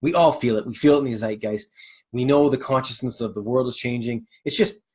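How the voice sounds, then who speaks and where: A man's voice: mid-range voice, brisk, darkish tone, husky. A middle-aged man hosting a motivational podcast, talking in a candid, rambling way with swearing and self-corrections. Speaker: podcast host. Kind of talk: motivational monologue.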